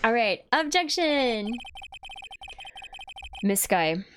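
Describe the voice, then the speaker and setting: A woman reading Phoenix Wright, slow and dramatic. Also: a little high, big pitch swings, over music, full character voice. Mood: confident. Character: earnest young male defense attorney.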